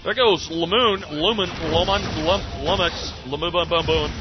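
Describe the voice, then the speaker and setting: A man giving excitable, jokey sportscaster-style play-by-play of a video game, laughing often. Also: high-pitched, moderate pace. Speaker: game commentator. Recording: muffled lo-fi recording with game music.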